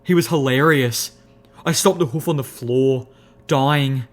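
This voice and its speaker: A man giving a first-person audiobook narration in an expressive, measured storytelling voice. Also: medium pitch.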